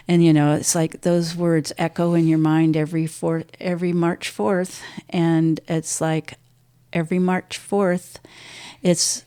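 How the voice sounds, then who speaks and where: An older woman, a podcast guest, telling a painful personal story, halting and restarting, her voice dropping low and soft at hard moments. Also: little pitch movement, smooth, no room sound.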